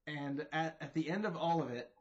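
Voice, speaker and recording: A man's voice: a little high, normal speed, lo-fi sound. A man narrating as game master, playful and a bit rambling, laughing between beats.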